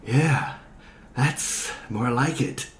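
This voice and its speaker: A man's voice: mid-range voice, very slow, slight background noise. A man voicing a giant bug turned internet celebrity who sounds wry and a little anxious. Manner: wry, self-conscious, mildly anxious. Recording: roomy echo.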